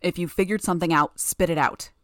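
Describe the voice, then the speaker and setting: Audiobook: a woman as a gruff young man leading a gang, curt, low-pitched, close dry mic. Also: fast, dry recording, natural voice. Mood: impatient. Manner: curt, impatient. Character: gruff young male gang leader, blunt.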